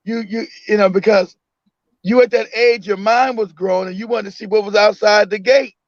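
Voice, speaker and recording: A man's voice: high-pitched, fairly even intonation, normal speed, no room sound. A man from the United States talking emphatically in a casual chat, often repeating himself and acting out a parent's words. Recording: dull lo-fi sound.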